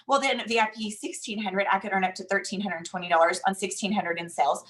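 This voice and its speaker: A woman in her thirties with a Southern drawl, telling an animated, chatty motivational story as a guest speaker. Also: mid-range voice, normal speed, rough recording. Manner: animated, chatty, says "y'all" and "like" often.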